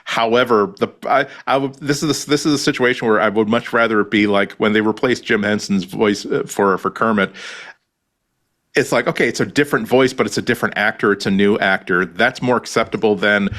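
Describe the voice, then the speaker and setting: A man's voice: fairly low pitch, a little fast, fairly bright tone. A man co-hosting a casual tech podcast, talking in long rambling runs with many restarts. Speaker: podcast co-host.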